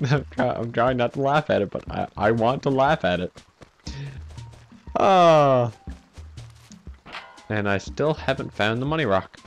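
A man giving casual, self-mocking commentary over a video game, laughing often at his own mishaps. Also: medium pitch. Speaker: let's play commentator.

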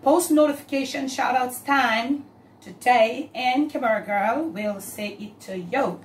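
A woman from Jamaica with a Jamaican accent, hosting a casual cooking vlog, chatting warmly and slipping into patois. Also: on the high side, unhurried, reverberant, a little hiss or hum. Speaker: cooking channel host.

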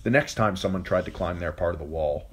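Deep-voiced man reading an audiobook. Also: brisk, slight background noise. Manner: steady, even read with occasional slips. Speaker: amateur audiobook reader. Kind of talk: audiobook narration.

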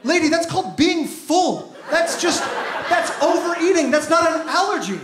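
A man's voice: very high-pitched, lively intonation, normal speed, background noise. A man in his thirties doing a stand-up comedy set on a club stage, telling stories in a punchy, exasperated way into a handheld mic. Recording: echoey room with crowd laughter.

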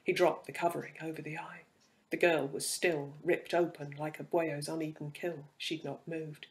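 A man giving a measured, dramatic reading of dark fiction. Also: fairly high pitch, little pitch movement. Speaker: reader.

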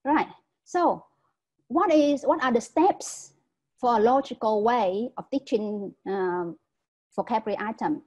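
A woman's voice: on the high side, unhurried, a little mellow, low-quality recording. A woman giving an online lecture as a teacher trainer over a video call, explaining step by step and often checking understanding with "right?".

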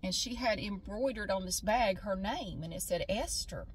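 Woman, late forties, casual vlog storyteller, salty and animated, faint outdoor hiss. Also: medium pitch, moderate pace, rough recording. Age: 40s. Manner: animated, laughing, swearing freely. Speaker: vlogger. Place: outdoors at a beach.

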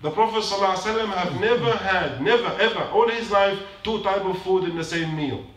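The high-pitched, slightly bright voice of a mosque speaker moves fast through an emphatic short sermon. He repeats his points and asks the congregation questions, captured from a distance in an echoey prayer hall.

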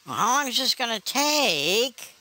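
A woman's voice: fairly high pitch, very animated, measured pace, sharp tone, heavily acted. A woman voicing a cranky, foul-mouthed older man on a prank phone call, impatient and swearing. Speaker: scam baiter.

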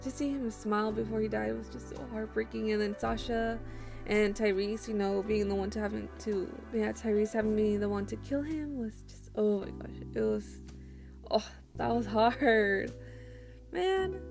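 Gravelly-voiced woman reacting emotionally. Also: medium pitch, moderate pace, over music. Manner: emotional, exclaiming, laughing often. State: holding back tears. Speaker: reaction vlogger. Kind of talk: casual reaction commentary.

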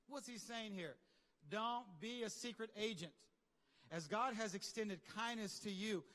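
Male pastor, high-pitched, lively conversational preacher, reverberant hall sound. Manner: animated, conversational preaching with slang and asides. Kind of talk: sermon. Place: large church hall.

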